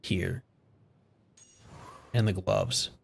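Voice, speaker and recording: Excitable man streaming, swearing freely. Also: deep voice, very slow, gravelly, a little hiss or hum. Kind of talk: casual live-stream commentary.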